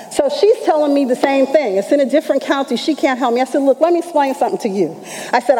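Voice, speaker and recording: Middle-aged woman preaching a testimony, high lively voice, mellow tone, big hall echo. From New York. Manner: animated storytelling, acts out quoted lines. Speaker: church elder. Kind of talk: testimony sermon.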